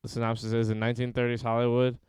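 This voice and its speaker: A man's voice: mid-range voice, monotone, racing, darkish tone, clear, resonant tone, no echo. A man co-hosting a casual podcast, reading film synopses aloud with dry, sarcastic asides between them. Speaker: podcast co-host.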